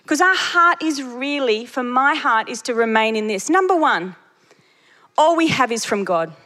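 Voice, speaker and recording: Woman, preacher, high voice, lively storytelling sermon, long hall reverb. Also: moderate pace. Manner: lively storytelling, laughs at her own jokes.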